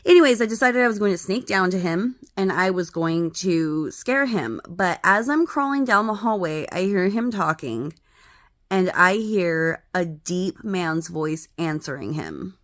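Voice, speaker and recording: A woman's voice: on the low side, animated, a little slow. A middle-aged woman telling a personal ghost story in a chatty, dramatic way, full of fillers. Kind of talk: casual spoken ghost story.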